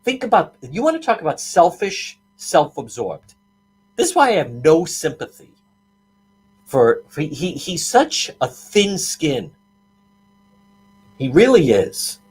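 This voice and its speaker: A man's voice: on the high side, big pitch swings, takes it slowly, pauses often, slightly rough. Indignant man ranting. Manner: indignant, ranting, sarcastic, with repeated restarts. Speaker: talk show host. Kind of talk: heated political commentary.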